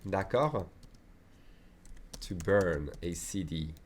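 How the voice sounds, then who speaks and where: Casting: middle-aged French man, French accent, lowish voice, relaxed tutor for beginners, repeats and checks in. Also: drawn-out words, slight background noise. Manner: chatty, repeats phrases and checks in with "d'accord". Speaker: French teacher. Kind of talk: beginner language lesson.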